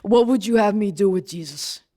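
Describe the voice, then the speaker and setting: A woman voicing a weary Roman governor who gives in to a mob, speaking slow, low and resigned. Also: expressive, warm tone, natural voice.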